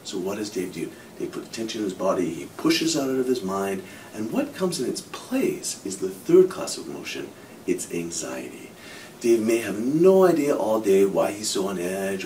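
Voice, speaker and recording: A middle-aged man, a psychologist, explaining ideas through imagined examples. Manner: animated explaining with hypothetical examples, frequent "kind of". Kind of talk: explanatory talk to camera. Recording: from a distance, faint low rumble.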